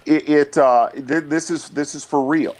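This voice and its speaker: The guest, a middle-aged man, talks a little slowly in a voice that sits slightly high. On this casual podcast he comes across as blunt and lively, repeatedly stammering and starting his sentences over.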